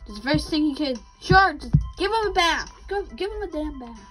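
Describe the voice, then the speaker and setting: A woman's voice: sits high, lively intonation, brisk, over music, low-quality recording. A young woman giving casual commentary as she plays a game, reading out the characters' lines and answering them. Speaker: gamer.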